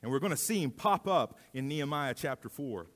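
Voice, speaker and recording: A man's voice: medium pitch, expressive, a little fast, fairly bright tone. A man preaching a sermon as a pastor, earnest and emphatic, his mouth dry from allergy medicine. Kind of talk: sermon with scripture reading. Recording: hall reverb.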